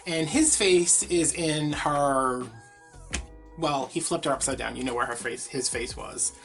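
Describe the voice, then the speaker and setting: A man's voice: a little high, measured pace, a bit bright, faint music behind. A man, telling a gossipy story in a casual, chatty way while he crafts. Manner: chatty, gossipy, heavy use of filler words. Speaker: crafting vlogger.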